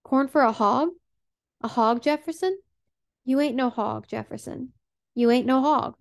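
Woman reading a heavy elderly woman, grieving and desperate, pleading in dialect, slightly high, gravelly. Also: a little slow.

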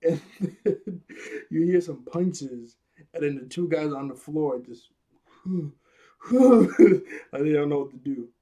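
A man's voice: on the high side, lively intonation, slow, pauses often, warm tone. A young man casually recapping an anime episode, laughing often and acting out scenes in character voices.

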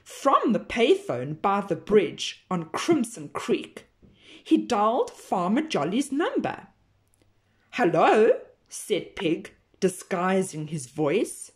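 A woman teacher reading a children's picture book aloud in a slow, expressive storytelling manner. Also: mid-range voice.

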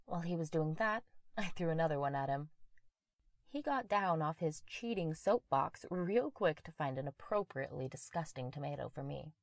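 A woman with a fairly low voice narrates a horror story in a measured, quiet, intimate manner. She is recorded on a close mic, and the sound is dry and free of room echo. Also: animated.

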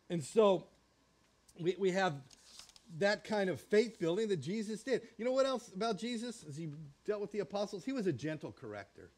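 Male pastor, sermon, high-pitched voice, folksy, joking, acts out quotes. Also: sing-song, moderate pace, darkish tone.

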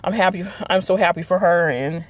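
A woman's voice: on the low side, a little fast, dry recording. A woman, chatting casually to her viewers in a rambling vlog. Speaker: vlogger. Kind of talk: casual chat to camera.

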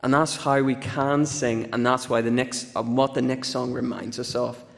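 A man preaching in church, leading prayer in an earnest, steady way and chatting informally between songs. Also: mid-range voice, normal speed, gravelly. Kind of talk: leading prayer and a sermon introduction. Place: church sanctuary. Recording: long church reverb.

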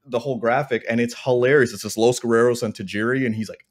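A man's voice: mid-range voice, fairly even intonation. A man co-hosting a wrestling podcast, joking and rambling in casual chat. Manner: joking, rambling, fast bursts. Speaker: podcast co-host.

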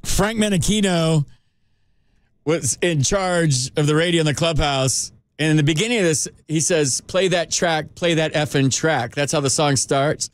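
A man hosting a sports radio call-in show, talking loosely and chattily with quick restarts, on a studio microphone. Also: a little high, no echo. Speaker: radio sports talk host. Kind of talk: casual radio chat.

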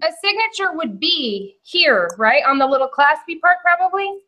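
Bright, high-voiced woman co-host. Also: expressive, normal speed. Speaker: co-host of a resale channel. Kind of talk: casual group chat on a livestream.

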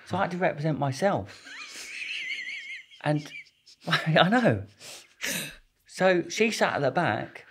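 A man's voice: mid-range voice, a little hiss or hum. A man being interviewed as a guest, telling his story in a rambling, jokey way. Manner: rambling, jokey, restarts a lot.

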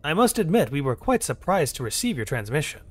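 A man voicing a friendly human space explorer who talks eagerly and apologetically, pitched above his own voice. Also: sing-song, brisk, slightly rough. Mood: earnest.

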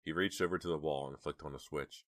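A man narrating a horror audiobook in a steady, measured way. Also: very deep voice, no echo, studio quality.

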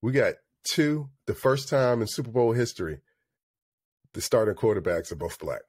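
A man co-hosting a podcast in casual chat, with a slightly stuffy nose, telling stories in a relaxed, joking way over a headset mic. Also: medium pitch, normal speed, husky. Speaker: podcast co-host.

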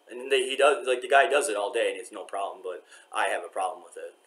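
Rambling, low-voiced man muttering on camera. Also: fairly even intonation, fast, a bit bright. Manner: hesitant and rambling, with many restarts and fillers; voice often drops low and trails off to a mutter. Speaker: vlogger. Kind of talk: rambling vlog monologue. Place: courthouse waiting area.

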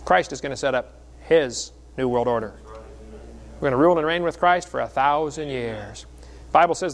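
A man's voice: fairly high pitch, animated, normal speed. Folksy middle-aged man preaching. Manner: folksy storytelling with jokes. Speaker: creationist speaker. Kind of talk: sermon.

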